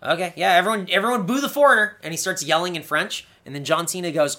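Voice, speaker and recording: A young man co-hosting a casual podcast, chatting fast and acting out lines in a playful, animated way. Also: high-pitched. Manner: animated, quick quips, acts out wrestlers' lines. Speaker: podcast co-host. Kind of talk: casual chat recapping wrestling.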